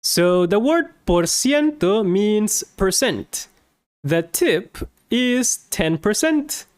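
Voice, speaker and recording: A woman's voice: medium pitch, very animated, extremely slow, darkish tone, dry recording, clean studio sound. A woman teaching words in a lesson, repeating each word with chatty asides. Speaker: Spanish teacher. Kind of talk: slow language lesson.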